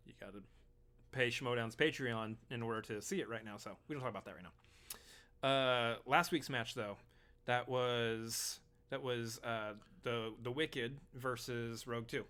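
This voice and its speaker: A man's voice: medium pitch, fairly even intonation, a little slow, a bit bright, smooth. Man recapping a match in casual chat. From Texas. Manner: rambling recap with restarts, teasing banter. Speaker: podcast co-host.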